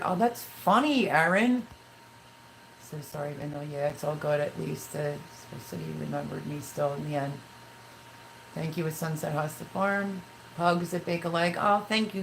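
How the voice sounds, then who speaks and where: A woman's voice: sits low, vocal fry, a little hiss or hum, low-quality recording. A middle-aged woman hosting a casual live stream, talking candidly and emotionally in a rambling way while reading viewer comments. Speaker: livestream host.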